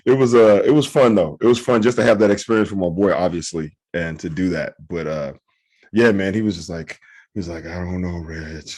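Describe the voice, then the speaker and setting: A man co-hosting a podcast, a comedian telling animated anecdotes and acting out voices in them. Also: deep voice, fairly quick. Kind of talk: casual storytelling chat.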